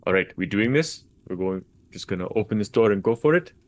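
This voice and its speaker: A man playing a tabletop game, laid-back and unhurried in casual chat. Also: fairly low pitch, expressive. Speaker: player.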